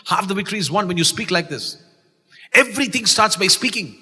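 A man with a high, animated voice and a breathy edge preaches a little fast, a pastor with a Malaysian English accent giving an exuberant sermon. Calling for congregational responses and shouting key lines, he's heard in a church sanctuary with long reverb.

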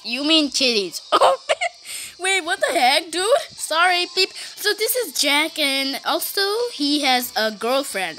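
A high, bright female voice that swoops up and down constantly. She hosts a casual gaming video, giggling often and chatting excitably. She keeps breaking into playful little voices for the characters. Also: measured pace, a little hiss or hum. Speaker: gaming channel host.

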